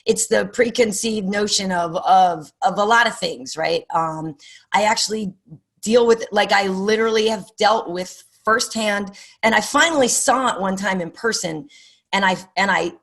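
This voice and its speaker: A middle-aged woman, a sports TV host, chatting as a podcast guest and telling animated stories with many fillers and restarts. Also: mid-range voice, moderate pace. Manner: animated storyteller, many fillers and self-corrections. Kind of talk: casual interview chat.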